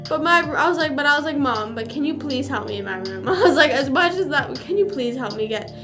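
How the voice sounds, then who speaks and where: A woman's voice: sits high, lively intonation, fairly quick. A young woman streamer chatting casually, rambling with lots of fillers and swearing. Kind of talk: casual livestream chat. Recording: music playing behind.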